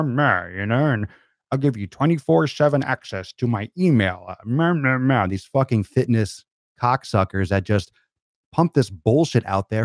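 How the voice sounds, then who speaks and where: A man at a middle pitch rants as a fitness coach, swearing freely and hammering his points home. The sound is close and dry, with almost no room around his voice. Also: darkish tone, no echo. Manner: blunt, profane, fired-up lecturing. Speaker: fitness coach and show host. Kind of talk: ranting monologue to camera.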